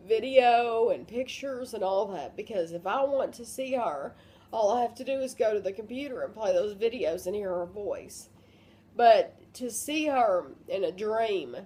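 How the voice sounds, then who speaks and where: A woman in her fifties, crying as she talks in a personal vlog. She speaks haltingly, with many pauses and fillers. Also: medium pitch, dark tone. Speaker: vlogger.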